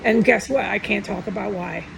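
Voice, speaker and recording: A woman's voice: medium pitch, normal speed, vocal fry, slight background noise, poor audio. A middle-aged woman talking tearfully and in a rambling, upset way in a personal monologue, often trailing off and starting over.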